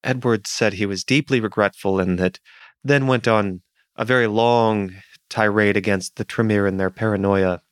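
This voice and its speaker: A man's voice: on the low side, fairly even intonation, normal speed, no echo, studio quality, lightly acted. A man voicing a precise, formal older male butler in a tabletop game, speaking deferentially.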